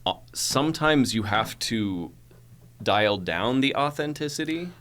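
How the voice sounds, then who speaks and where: A man with a trained baritone voice, chatting easily as a podcast guest about narrating audiobooks. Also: expressive, fairly bright tone. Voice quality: baritone singer's voice. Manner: easygoing, explains with quick accent samples. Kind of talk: casual podcast chat.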